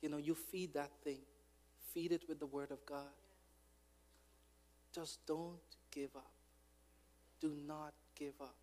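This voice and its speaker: A man preaching a fervent sermon as a pastor, building from calm urging to loud, impassioned exhortation. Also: on the high side, slow pace, pauses often. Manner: fervent preaching, rising to shouts.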